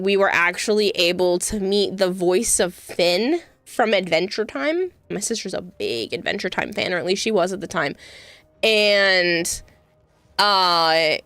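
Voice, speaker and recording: A woman's voice: medium pitch, dry recording. Laughing woman streamer telling stories. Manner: animated, laughs often, quick asides. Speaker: livestream host. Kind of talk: casual storytelling chat.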